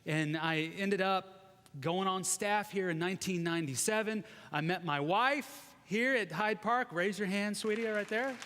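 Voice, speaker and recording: A man's voice: high voice, a little slow, bright, forceful tone, a little hiss or hum. A man in his forties giving a chatty, self-deprecating sermon, joking with the congregation in a large church sanctuary. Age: 40s. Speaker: guest preacher. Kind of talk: conversational sermon. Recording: long reverb of a church hall.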